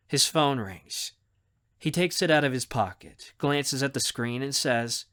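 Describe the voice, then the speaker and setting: A man narrating a young adult audiobook in the first person with an expressive reading. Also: medium pitch, unhurried, smooth.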